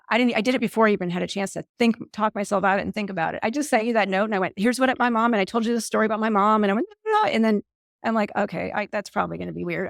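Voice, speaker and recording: Fast-talking gushing woman host, gravelly. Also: mid-range voice, no echo, studio quality. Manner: gushing and effusive, acts out quotes. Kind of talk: casual interview chat.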